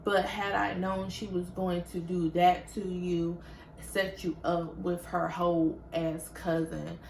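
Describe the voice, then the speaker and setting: A young woman from Georgia in the US, telling a storytime in casual chat and getting loud whenever she quotes herself. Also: fairly low pitch, slow pace, gravelly, echoey room, slight background noise, low-quality recording. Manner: animated, swings loud when quoting herself. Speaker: vlogger.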